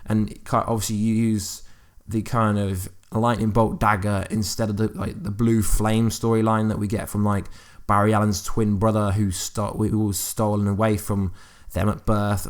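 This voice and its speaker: A man's voice: fairly low pitch, level tone, normal speed. Man musing over fan theories. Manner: reads quotes aloud, then muses with fillers and restarts. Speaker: YouTube fan channel host. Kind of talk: casual commentary on TV news.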